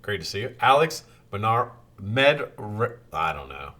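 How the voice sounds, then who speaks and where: A man hosting a live stream, chatting casually and greeting viewers in the chat one by one, swinging from loud calls to low muttering and swearing freely. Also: very animated, measured pace, slight background noise.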